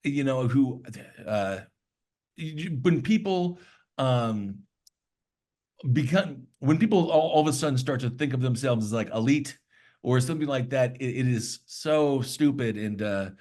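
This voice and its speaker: A man's voice: mid-range voice, animated, measured pace, a little mellow. A man guesting on a podcast, chatting in an easygoing, self-deprecating, joking way. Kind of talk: casual chat.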